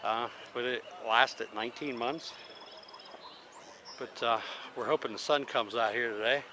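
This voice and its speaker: A man's voice: medium pitch, steady tone, measured pace, background noise. A man vlogging a tour, chatting casually and telling stories with easy fillers, recorded outdoors on a handheld camera. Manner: easygoing, chatty storytelling with fillers. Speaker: travel vlogger. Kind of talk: casual vlog narration and tour commentary.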